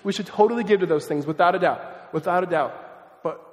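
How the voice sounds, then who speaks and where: A man pastor giving a sermon in a conversational, animated way, with casual asides. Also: high-pitched, a little fast. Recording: echoey hall, long reverb.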